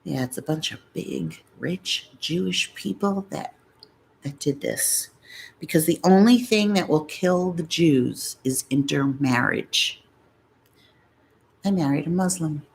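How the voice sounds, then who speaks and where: A woman's voice: sits low, slow, vocal fry, slight background noise. A middle-aged woman from Massachusetts hosting a live-stream, chatting casually and rambling through stories while reading viewer comments. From Massachusetts, USA.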